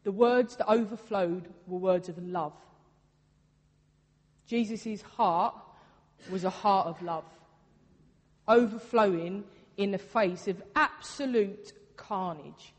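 A woman's voice: mid-range voice, slow, long pauses. A woman preaching a sermon in a casual, earnest way, repeating her points for emphasis. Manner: earnest, conversational, with emphatic repetition. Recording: long reverb of a hall.

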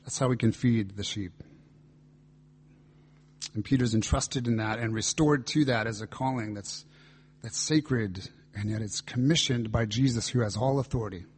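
A man's voice: mid-range voice, normal speed, husky. A man pastor preaching a reflective, earnest sermon, reading and voicing scripture dialogue as he explains it.

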